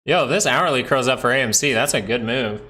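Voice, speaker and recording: A man hosting a live stock market stream, chatting casually over charts, excitable and asking himself questions as he thinks aloud. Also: mid-range voice, quick pace. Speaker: stock market livestream host.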